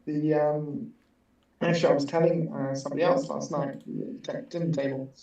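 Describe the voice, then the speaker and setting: A man co-hosting a podcast, chatting in a relaxed, friendly way. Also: on the high side, brisk, lo-fi sound. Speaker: podcast co-host. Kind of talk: casual chat. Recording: echoey room, distant mic.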